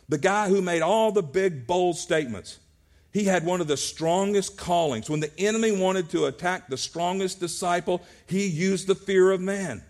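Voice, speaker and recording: A male pastor preaching a sermon at a church service, earnest, often restarting his words. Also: a little high.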